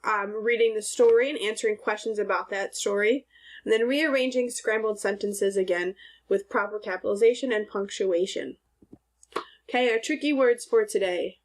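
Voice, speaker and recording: A woman teacher giving a recorded phonics lesson to second graders, sounding out words clearly and answering her own questions. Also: medium pitch, normal speed.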